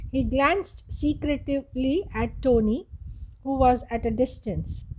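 Woman storyteller, slow careful reading, fairly high voice, storybook narration. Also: darkish tone, a little hiss or hum, poor audio.

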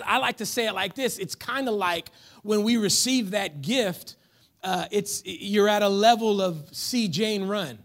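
A man preaching a sermon as pastor, animated and telling stories, now and then rising to a shout. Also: sits high. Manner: animated, storytelling, breaks into shouts.

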